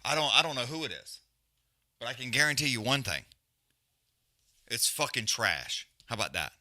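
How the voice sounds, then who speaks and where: A man's voice: mid-range voice, expressive, moderate pace, pushed and bright, no room sound, studio quality. A man hosting a livestream, giving casual, profane, rambling commentary on a fight and griping about stream glitches. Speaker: livestream host.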